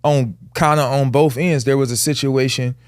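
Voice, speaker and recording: A man's voice: medium pitch, steady tone, normal speed, no echo, clean studio sound. A man co-hosting a casual podcast chat, blunt and plainspoken, driving his points home through repetition and lists. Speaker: podcast co-host.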